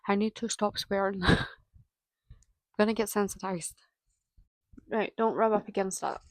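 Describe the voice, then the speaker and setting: Young woman, hairdressing student, relaxed vlog chatter, quick laughs, casual swearing. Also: medium pitch, dry recording, poor audio.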